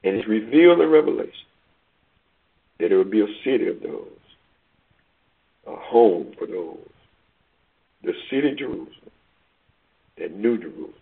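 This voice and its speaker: A man preaching a sermon, reading scripture aloud and explaining it with emphatic swells and hushed asides. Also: fairly low pitch, expressive, normal speed, vocal fry, pauses often, husky. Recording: tinny phone-like line.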